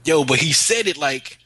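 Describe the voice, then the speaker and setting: A man's voice: on the high side, pushed and bright, breathy edge, rough recording. A man co-hosting a casual chat, telling a story in slang with lots of laughter. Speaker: podcast co-host.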